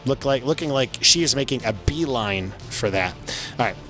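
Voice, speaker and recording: Bright-voiced male game master. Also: mid-range voice, animated, moderate pace, faint music behind. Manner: loose and chatty, many fillers, laughs often. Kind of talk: narrating a tabletop game.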